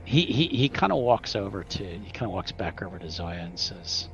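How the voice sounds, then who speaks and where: A man narrating as game master of a tabletop game in a relaxed storytelling manner. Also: deep voice, normal speed, gravelly, hardly any pauses, faint music behind. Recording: dull lo-fi recording.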